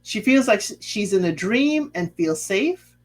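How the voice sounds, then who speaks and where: A woman's voice: medium pitch, unhurried. A woman talks through a reality-show episode in a casual, gossipy way. Her voice swoops and bounces as she acts out what people said. She drops pointed, sassy asides to her listeners. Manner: sassy, chatty, drops asides and rhetorical questions; acts out quoted lines in a lively voice. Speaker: TV recap host.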